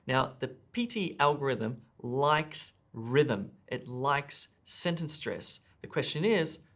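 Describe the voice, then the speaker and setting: A man teaching a speaking lesson, explaining clearly and stressing key words. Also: medium pitch, a bit bright. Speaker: English test tutor.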